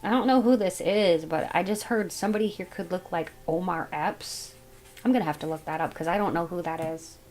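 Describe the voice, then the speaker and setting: A woman giving a casual tarot reading, thinking aloud as she goes in a musing, unhurried way. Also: fairly low pitch, a little mellow, rough recording. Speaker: tarot reader.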